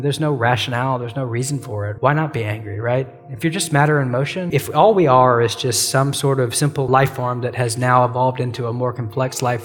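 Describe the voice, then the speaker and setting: A man's voice: mid-range voice, in a large hall. A man teaching on a Bible passage in a casual, conversational way, often saying "like" and "you know" and acting out quoted prayers and apologies.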